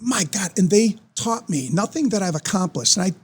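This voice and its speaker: Animated, husky-voiced older man. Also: high-pitched, normal speed. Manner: animated, excitable storyteller who acts out quoted voices. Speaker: podcast guest, former football player. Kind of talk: casual storytelling.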